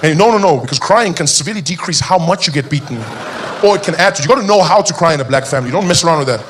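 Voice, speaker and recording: A man's voice: a little high, lively intonation, very fast, slight background noise. A young adult man doing stand-up comedy, telling his story animatedly and acting out voices and cries.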